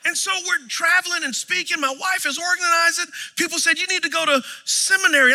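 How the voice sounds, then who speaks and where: A man preaching a sermon, telling personal stories in an animated way, swinging from shouts to quiet moments. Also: very high-pitched, a little fast, few pauses, big-room sound.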